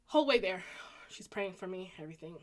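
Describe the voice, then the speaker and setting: A woman in her thirties with a Southern US accent, telling a personal story casually to her viewers and acting out the people in it. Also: brisk. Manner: animated, acts out quoted voices with pitch jumps. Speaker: vlogger.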